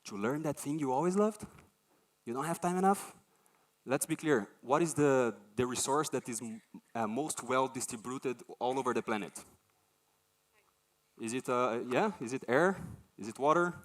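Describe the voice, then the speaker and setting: Conference speaker: a man, animated, acts out voices in his anecdotes. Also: mid-range voice, normal speed. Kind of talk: conference talk.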